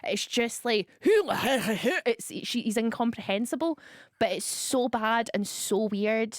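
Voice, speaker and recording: A woman's voice: a little high, steady tone, unhurried, dry recording. A woman hosting a radio show in a studio, chatting casually, laughing often and jumping between tangents. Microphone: studio microphone.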